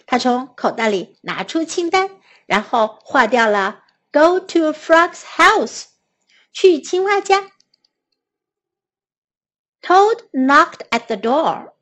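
A woman with a Mandarin Chinese accent reading a children's story aloud in two languages, slow, clear and patient. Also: high-pitched, animated, fairly bright tone.

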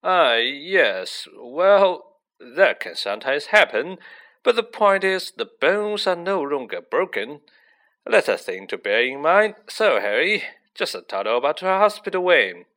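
A showy, self-satisfied wizard professor , put on by a man reading a storybook, who talks loudly and brightly. His pitch swoops up high as he breezes past every mishap. The tone is crisp and forceful. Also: big pitch swings, unhurried, heavily acted. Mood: breezy, confident. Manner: loud, bright, breezy and overconfident. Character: vain, showy male wizard teacher, falsely reassuring.

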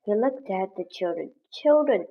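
A woman's voice: medium pitch, measured pace, narrow, tinny audio. A woman reading a graded children's story aloud for English learners, with careful, evenly paced delivery. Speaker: English lesson reader.

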